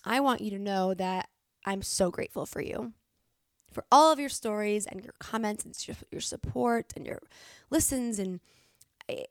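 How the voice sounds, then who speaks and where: A woman's voice: medium pitch, normal speed, no echo, studio quality. A woman hosting a solo motivational podcast, talking in a candid, emphatic way, cursing at times and restarting her sentences. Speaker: podcast host.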